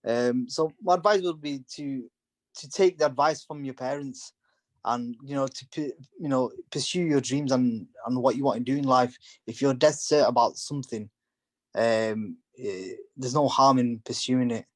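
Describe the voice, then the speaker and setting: A man's voice: medium pitch, normal speed, dry recording, low-quality recording. A man guest in a casual interview, talking with many restarts and fillers. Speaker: podcast guest.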